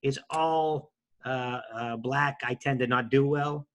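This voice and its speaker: A man's voice: mid-range voice, fairly even intonation, slow pace, fairly bright tone. A man hosting a podcast over a video call, speaking with wry humor and frequent hesitations. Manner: wry, hesitant with many ums. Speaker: podcast host and introducer. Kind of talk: casual podcast chat, dry humor.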